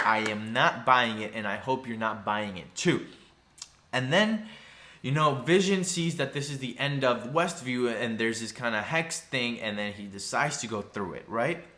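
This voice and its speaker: A man with a bright, forward voice talks through a TV episode in a loose, chatty recap. He leans on "you know" asides as he goes and now and then slips into lively put-on voices for the characters. His pitch sits in the middle for a man. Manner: acts out character lines in animated voices. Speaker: TV recap vlogger.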